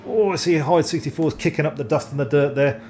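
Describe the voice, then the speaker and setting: A man giving live sim racing commentary, excitable and self-deprecating, often stumbling over driver names. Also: on the high side, quick pace, slight background noise.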